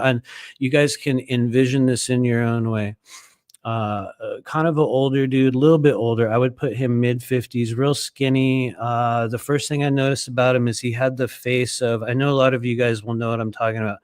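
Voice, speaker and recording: A man's voice: medium pitch, fairly even intonation, moderate pace, a little mellow, no room sound. A man in his fifties telling a story to his viewers in a casual, rambling way, with many fillers and repeated phrases. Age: 50s.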